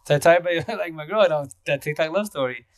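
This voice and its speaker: A man talks casually on a home live stream, moving fast and restarting his sentences. His voice sits a bit high, and the sound is dry and close. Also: dry recording. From Seattle area. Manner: fast, rambling talk with restarts. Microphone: phone.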